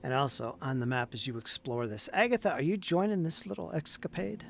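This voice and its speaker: A man running a tabletop game as game master, describing scenes slowly and asking the players what they do. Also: on the high side, animated, creaky, a little hiss or hum. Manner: slow, descriptive, questioning players.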